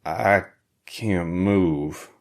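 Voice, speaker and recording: Man voicing a mumbling, drugged smuggler. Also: low voice. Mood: dazed. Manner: mumbling, slow, strained, defiant. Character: drugged, defiant male smuggler, brutish.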